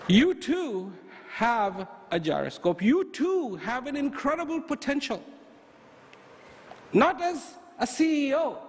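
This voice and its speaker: In a reverberant hall with faint ambience and slight background noise, a motivational speaker gives an emphatic, story-driven talk full of rhetorical questions. His high voice is sing-song, swings widely in pitch, and takes its time.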